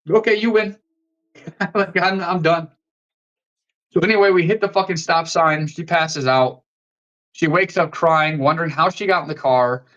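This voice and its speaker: Young man, somewhat high voice, from the Midwest, podcast guest, casual and profane, rambling, lots of "like". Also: fairly bright tone, lo-fi sound. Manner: profane and rambling, heavy use of "like". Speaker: podcast guest, fitness coach. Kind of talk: casual storytelling in a podcast interview.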